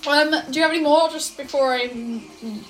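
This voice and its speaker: A woman's voice: high voice, normal speed, slight background noise, low-quality recording. A woman playing a tabletop game, hesitant and giggly as she talks. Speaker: player.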